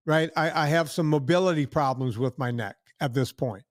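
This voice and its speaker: A man's voice: fairly high pitch, moderate pace, no room sound, clean studio sound. A man in his sixties hosting a podcast, rambling in casual chat with many restarts and acted-out quotes. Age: 60s. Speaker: podcast host.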